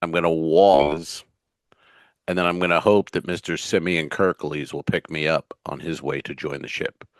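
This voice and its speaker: A man co-hosting a comedy podcast, telling profane, animated stories in casual chat. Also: a bass voice, moderate pace, clear, resonant tone, no echo.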